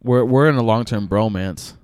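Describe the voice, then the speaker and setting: A man's voice: on the low side, normal speed, a little mellow, smooth, no echo, clean studio sound. A young man co-hosting a podcast, explaining things earnestly and step by step in a casual chat. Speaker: podcast co-host.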